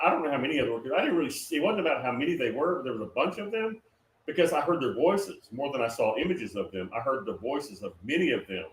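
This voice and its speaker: Man rambling through a dream story, roomy sound. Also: mid-range voice. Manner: rambling, many fillers and restarts. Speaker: guest recounting a prophetic dream. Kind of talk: casual conversational storytelling. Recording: roomy, distant mic with faint noise.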